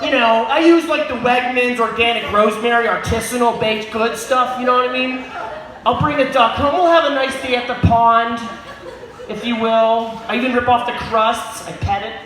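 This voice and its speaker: A man doing a crude, crowd-baiting stand-up set on a pub stage, often shouting at the audience. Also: very high-pitched, fairly even intonation, normal speed. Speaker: stand-up comedian. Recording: echoey room with crowd noise.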